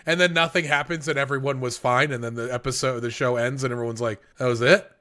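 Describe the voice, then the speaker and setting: A man's voice: medium pitch, fairly even intonation, quick pace, bright, forceful tone. A man co-hosting a podcast, ranting with lots of swearing in an exasperated, casual way. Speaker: podcast co-host.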